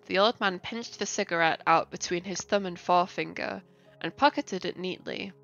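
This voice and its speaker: A woman's voice: medium pitch, a bit bright, highs cut off. A woman streamer reading a novel aloud on a casual live stream, breaking off for chatty, swearing asides. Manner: chatty asides, swears, laughs between passages.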